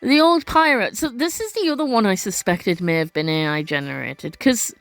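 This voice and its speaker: A woman's voice: fairly low pitch, sing-song, moderate pace, vocal fry, no echo, faint music behind. Chatty woman narrating a game. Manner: chatty, self-correcting, stumbles over words. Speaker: let's play narrator. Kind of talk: casual game narration, reading aloud.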